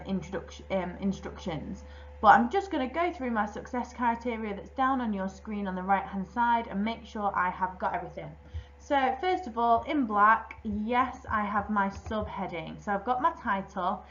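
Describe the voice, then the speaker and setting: Patient woman teacher explaining clearly. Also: mid-range voice, normal speed, a bit bright, slight background noise. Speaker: primary school teacher. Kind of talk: recorded lesson walkthrough. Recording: slightly dull lo-fi recording.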